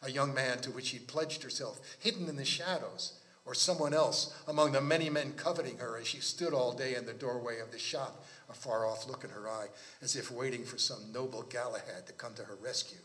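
A man reading his own novel aloud at a library book talk, in a measured storytelling cadence. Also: mid-range voice, a bit bright.

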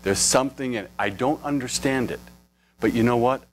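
A man's voice: mid-range voice, fairly quick, faint music behind, low-quality recording. A man coaching actors in a live acting workshop, playful, coaxing and freely profane as he talks to performers and the audience. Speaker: acting teacher.

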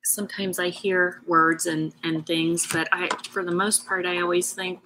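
A woman's voice: lowish voice, little pitch movement, a little slow, background noise. A woman hosting a craft show, chatting casually and emotionally to her live viewers, rambling in a heartfelt way. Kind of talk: casual live-stream chat.

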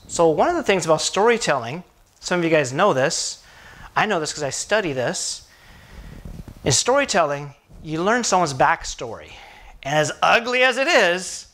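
A man's voice: on the high side, fairly bright tone. A middle-aged male pastor preaching a sermon, telling a story with animation and asking the congregation questions.

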